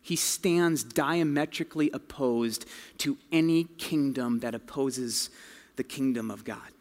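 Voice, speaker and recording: A man's voice: medium pitch, unhurried, darkish tone. A man preaching a sermon in a casual, conversational storytelling way, full of slang. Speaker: pastor. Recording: long hall reverb.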